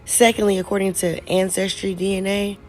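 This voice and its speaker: A woman's voice: medium pitch, flat delivery, a little fast, faint music behind. A woman giving reaction commentary to a viewer comment, pointed and lecturing. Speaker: commentary creator.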